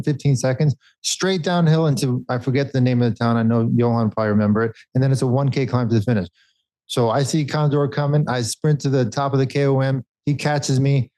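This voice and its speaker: A middle-aged man, a former pro cyclist, telling a race story in casual podcast chat, animated and quick, cutting himself off mid-thought. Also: medium pitch, rough recording. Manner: animated anecdote with quick bursts and self-interruptions.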